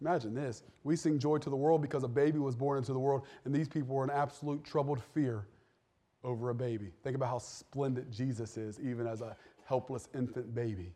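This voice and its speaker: A man's voice: medium pitch, fairly even intonation, brisk, warm tone. A man preaching a sermon in a conversational way, asking the listeners rhetorical questions and repeating words as he builds each point.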